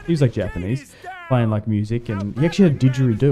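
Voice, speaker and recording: A man's voice: mid-range voice, animated, quick pace, warm tone. A young man streaming a game, laughing a lot and mimicking voices as he tells stories, jet lagged. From Australia. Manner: laughs often, mimics other voices when retelling. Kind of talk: casual livestream chat while gaming.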